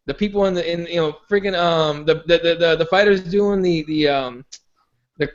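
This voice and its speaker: High-voiced rambling podcast host, lo-fi. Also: male voice. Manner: rambling, many restarts and fillers. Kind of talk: casual chat. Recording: dull lo-fi sound.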